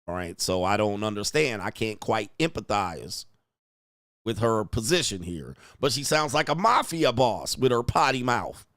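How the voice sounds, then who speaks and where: A man's voice: fairly low pitch, expressive, moderate pace, a bit bright, no room sound, studio quality. Blunt man hosting a reaction commentary. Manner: exclaiming, mocking, blunt. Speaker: host.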